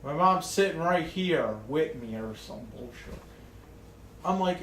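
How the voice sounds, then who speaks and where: Slow, rambling man ranting in an echoey room. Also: on the high side, animated, a bit bright, slight background noise. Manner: rambling, profane, many restarts and fillers. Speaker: vlogger. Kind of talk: casual ranting monologue.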